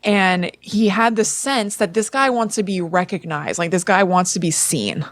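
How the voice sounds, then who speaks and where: A young woman co-hosting a casual podcast, retelling a story with constant "like" fillers. Her voice sits at an ordinary middle pitch, and the recording is dry and close with no room sound. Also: animated, normal speed, dry recording. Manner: chatty, filler-heavy retelling with frequent "like". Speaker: podcast co-host.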